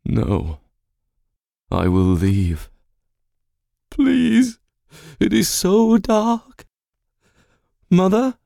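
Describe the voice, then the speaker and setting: A demonic male entity from a fantasy audiobook, his voice pushed up into a high, strained wail as he begs. The pleas come in thin, far-off-sounding cries, in a dry, close recording. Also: sing-song, extremely slow, vocal fry, pauses often, warm tone, no echo, exaggerated voice. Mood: desperate pleading. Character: evil demonic male entity, desperate, pleading. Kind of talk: audiobook character voice.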